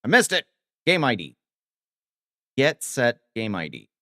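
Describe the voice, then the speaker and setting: A man from Ohio streaming live, rambling casually as he reads chat aloud and answers it with quick laughs. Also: mid-range voice, wildly swooping pitch, bright, forceful tone, no echo, studio quality.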